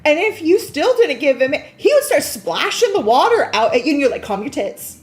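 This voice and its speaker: A woman co-hosting a live crystal show, telling stories in animated casual chat. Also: high-pitched, brisk. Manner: animated storyteller, laughs often.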